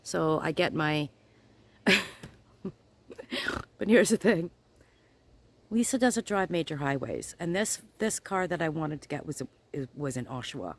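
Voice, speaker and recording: A woman's voice: low-pitched, expressive, unhurried, long pauses. A middle-aged woman, hosting her crochet channel and chatting casually as she tells a story, acting out both sides of each conversation.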